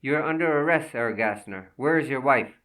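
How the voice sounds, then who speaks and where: A man's voice: mid-range voice, expressive, a little fast, sharp tone, far from the mic. A man reading an audiobook, voicing a firm, formal police major making an arrest. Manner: firm, formal, soothing at times.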